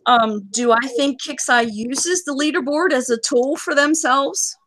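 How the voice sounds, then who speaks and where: A woman hosting a live gaming community chat, giving brisk, emphatic instructions. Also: high-pitched, a bit bright, low-quality recording. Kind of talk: live stream casual chat.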